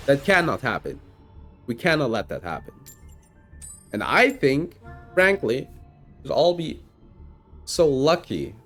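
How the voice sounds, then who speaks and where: A man giving casual, rambling commentary while he streams a card game, his pitch swooping up and down as he mocks his own bad luck. Soft music plays faintly underneath him. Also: slow pace, long pauses. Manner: animated, self-mocking, rambling with many "like"s.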